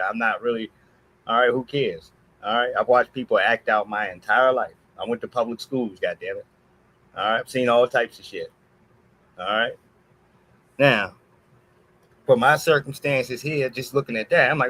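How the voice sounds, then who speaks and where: Guy on his stream telling a story, keeps saying all right, low mutters then jumps up high. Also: a bit bright, slightly rough, poor audio. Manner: peppers every sentence with "all right". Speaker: live streamer. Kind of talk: casual storytelling rant.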